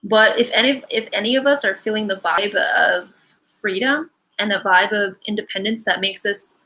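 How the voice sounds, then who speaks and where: Young female livestream card reader, bright tone, casual and rambling, frequent fillers and asides. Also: medium pitch, moderate pace, rough recording. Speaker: angel card reader hosting a live Q&A. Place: her home, animals around.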